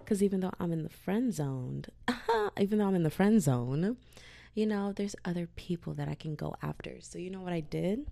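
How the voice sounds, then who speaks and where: Young woman with a gravelly, low voice. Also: animated, normal speed, dark tone, no room sound, studio quality. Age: young adult. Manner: chatty and slangy, with lots of "like". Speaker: podcast host. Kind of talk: casual solo podcast chat.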